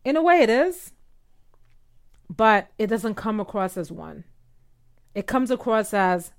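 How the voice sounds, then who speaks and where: A woman hosts a podcast as a speech coach, talking listeners through tone of voice. She explains plainly and acts out softer phrasings with a rising lilt to show her point. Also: mid-range voice, sing-song, unhurried, pauses often. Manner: demonstrates tones, rising uptalk in quoted examples. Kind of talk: instructional podcast talk.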